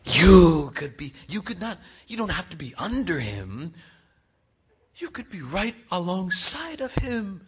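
A man voicing a sly, tempting serpent in a hushed, coaxing whisper. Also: sits high, big pitch swings, unhurried, breathy edge, lo-fi sound, full character voice.

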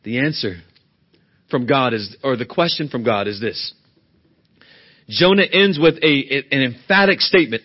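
A man preaching a sermon as pastor, swinging between loud emphatic peaks and hushed, low passages. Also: animated, normal speed, slightly rough, muffled recording.

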